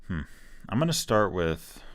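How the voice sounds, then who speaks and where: A man's voice: low voice, very animated, unhurried. A man casually commenting on his own online chess game, thinking aloud and hedging as he reacts to the moves. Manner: thinking aloud, hesitant, defensive. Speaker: chess streamer. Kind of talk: casual live commentary while playing.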